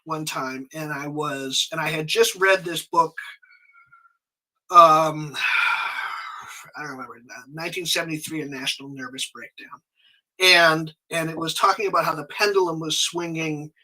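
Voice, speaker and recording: A man guesting on a podcast who tells a story in a conversational way, animated and often restarting his sentences. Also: fairly high pitch, normal speed, rough recording. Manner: animated, frequent restarts and self-corrections.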